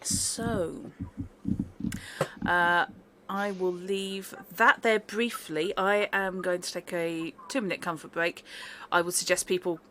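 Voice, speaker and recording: A woman's voice: fairly low pitch, steady tone, takes it slowly, a bit bright, slight background noise. A woman running a tabletop horror game as game master, chatty and informal, laughing often, over a video call.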